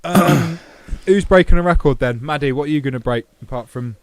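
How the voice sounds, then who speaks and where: A man's voice: fairly high pitch, fairly quick. A man co-hosting a casual online show over a video call, joking and rambling as he reads out odd news stories. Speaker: co-host. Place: abroad on the continent, remote call.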